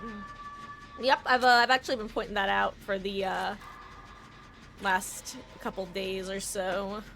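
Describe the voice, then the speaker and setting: A woman's voice: medium pitch, flat delivery, a little slow, creaky, pushed and bright, faint music behind. A woman in her thirties chatting casually while streaming a game, rambling with lots of ums and likes. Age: 30s. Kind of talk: casual live-stream chat while gaming.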